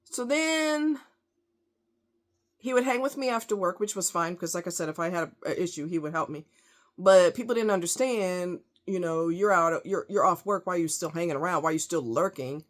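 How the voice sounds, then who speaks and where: A woman telling a workplace story in a casual, exasperated, animated monologue. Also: fairly low pitch, normal speed. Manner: animated, exasperated, quotes others in raised voice. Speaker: storyteller recounting a workplace experience.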